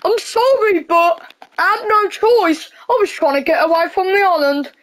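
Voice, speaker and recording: A woman voicing an excitable teenage boy in a game role-play, yelping and gasping a lot. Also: extremely high pitch, normal speed. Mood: pleading. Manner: yelps and gasps a lot.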